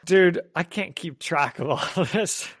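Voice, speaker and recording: Brief: lively podcast host, man, slightly high voice, dry close mic. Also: slow, breathy edge, no room sound. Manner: animated, laughs often, acts out quotes. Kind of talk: casual comic book podcast chat.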